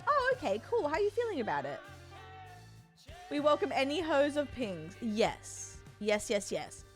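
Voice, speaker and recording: A young Australian woman chats with her stream in a bubbly, animated way, her voice sitting fairly high. She jumps quickly up in pitch when she gets excited. Faint music plays behind her. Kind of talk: casual chat with viewers.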